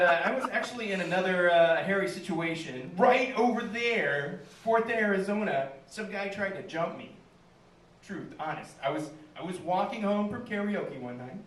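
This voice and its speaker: High-voiced comic in an echoey room. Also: male voice, a bit bright, slight background noise. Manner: storytelling with acted-out quotes, laughing at his own jokes. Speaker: stand-up comedian. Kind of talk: stand-up comedy set. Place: small live venue. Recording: echoey room, mic heard from a distance.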